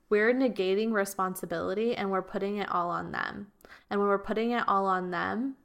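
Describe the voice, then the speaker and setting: A woman's voice: mid-range voice, a bit bright. A woman hosting a solo podcast as a relationship coach, talking in an earnest, repetitive way and now and then acting out quoted voices. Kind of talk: reflective solo podcast talk.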